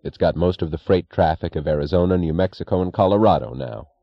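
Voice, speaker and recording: A man's voice: low-pitched, fast talker, no echo, lo-fi sound. A man reading an audiobook voices an earnest, worried young railroad assistant who speaks urgently and plainly. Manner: urgent, pleading, plain-spoken.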